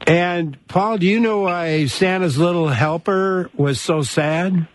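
A man's voice: high voice, takes it slowly, a little hiss or hum. A man hosting a live radio call-in show, easygoing, taking calls and telling corny jokes. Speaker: radio host.

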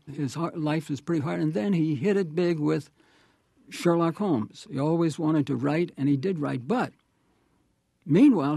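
A man with a gravelly, husky voice, dark in tone and slightly high for a man, is interviewed as an author on a radio show. He talks in a reflective, anecdotal way and often restarts his phrases. The studio sound is dry and close. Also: dry recording. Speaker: author and guest.

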